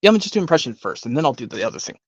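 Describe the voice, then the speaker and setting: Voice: medium pitch, big pitch swings, very fast, no echo, dull audio. A streamer hosting a voice-impressions game, chatting casually and rambling, thinking aloud with hums and restarts.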